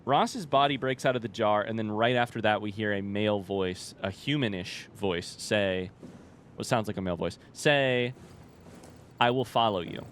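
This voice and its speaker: Excitable, swearing gamer man. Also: lowish voice, moderate pace, slight background noise. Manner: excitable, rambling and swearing, jokey. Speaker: let's-play gamer. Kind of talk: casual, unscripted game commentary.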